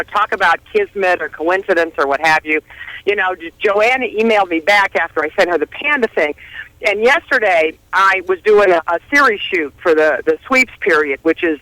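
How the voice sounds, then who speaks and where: A woman's voice: mid-range voice, pushed and bright, dry recording, rough recording. A woman calling in by phone to a talk radio show, chatting casually in a rambling way with frequent restarts. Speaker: phone-in guest. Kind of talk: casual chat. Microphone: phone line.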